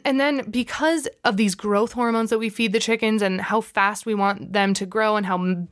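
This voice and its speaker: A young adult woman hosting a solo podcast, talking in an earnest, emotional way with frequent restarts and fillers. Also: mid-range voice. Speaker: podcast host. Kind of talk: casual solo podcast monologue.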